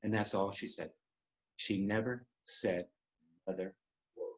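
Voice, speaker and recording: A man hosting a web series, telling a personal story in an emotional, halting way with many pauses. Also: on the low side, fairly even intonation, poor audio.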